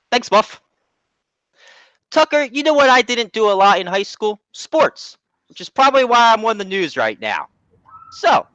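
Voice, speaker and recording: A man's voice: high-pitched, a bit bright, no room sound, dull audio. A man doing improv as a rambling, offhand news anchor. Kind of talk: improv comedy.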